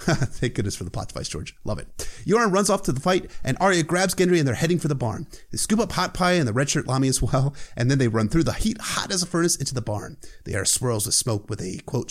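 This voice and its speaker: A man's voice: mid-range voice, animated, quick pace. Irreverent man recapping a book. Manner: irreverent, profane, joking asides.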